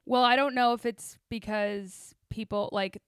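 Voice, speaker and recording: Higher-voiced woman, animated podcast co-host. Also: a little slow, clean tone, no room sound, clean studio sound. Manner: animated storytelling, quotes people with a laugh. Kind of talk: casual chat.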